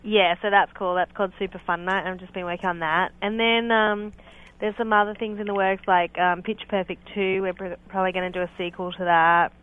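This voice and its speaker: A woman's voice: mid-range voice, flat delivery, brisk, smooth. A woman actress from Australia, calling in as a guest and joking with a lot of laughter. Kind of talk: casual phone interview. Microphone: telephone. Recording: tinny phone line.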